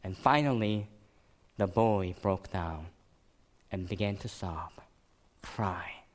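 Slow-spoken male preacher. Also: deep voice. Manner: slow, emotional storytelling with many repetitions. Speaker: pastor. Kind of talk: sermon.

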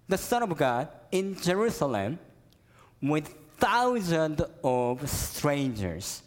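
A man's voice: fairly high pitch, very animated, takes it slowly. A male pastor preaching a sermon, telling the story conversationally and asking the listeners questions. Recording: echoey hall with long reverb.

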